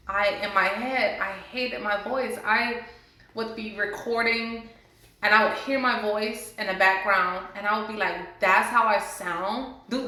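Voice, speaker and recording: A woman speaks straight to the camera, earnestly sharing her healing story. Her voice is bright and clear. The room rings with heavy echo. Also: medium pitch. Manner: earnest, heartfelt, faith-based encouragement. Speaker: vlogger sharing a personal story. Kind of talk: casual testimony to camera. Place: indoors, sitting before a camera. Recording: very echoey room.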